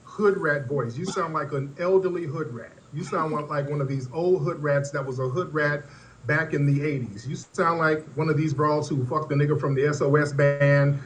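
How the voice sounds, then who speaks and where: A man's voice: on the high side, normal speed, a little hiss or hum. A man hosting a live stream and roasting a caller, teasing her and repeating "ma'am" in a mocking way. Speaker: host.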